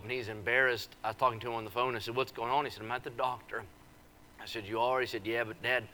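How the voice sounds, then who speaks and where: A man preaching a revival sermon, teasing the congregation in a folksy way before building into forceful preaching. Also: mid-range voice. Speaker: visiting preacher. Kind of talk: revival sermon with joking asides. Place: church service.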